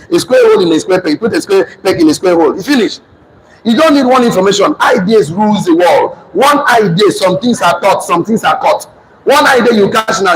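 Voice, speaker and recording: A man with a Nigerian accent giving a loud, fervent motivational speech to a live audience, repeating phrases like a preacher. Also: high voice, a little hiss or hum, rough recording. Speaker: motivational speaker and business trainer. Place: training hall with a live audience.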